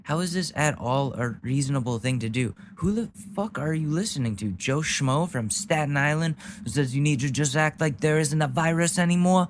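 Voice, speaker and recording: A man's voice: on the high side, normal speed, few pauses, slight background noise. Angry, swearing podcast host, a man. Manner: angry, profane, blunt. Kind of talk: angry political rant.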